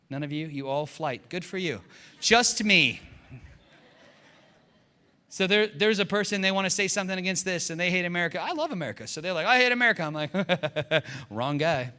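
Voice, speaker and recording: Energetic pastor in a reverberant hall. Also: male voice, a little high. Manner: animated storytelling with acted quotes. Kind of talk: sermon. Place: church sanctuary.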